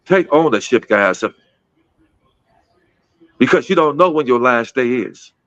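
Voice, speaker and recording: A man's voice: mid-range voice, lively intonation, a little slow, a bit bright, no echo, highs cut off. A man in his fifties from Gary, Indiana, telling a personal story in a casual, repetitive way, often calling his listeners guys. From Gary, Indiana, USA. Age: 50s. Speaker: guest speaker.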